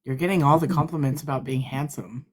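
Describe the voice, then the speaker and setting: A man's voice: medium pitch, fairly even intonation, fast talker. Bashful man chatting on a live stream. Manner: laughs often, trails off and restarts. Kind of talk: casual live-stream chat.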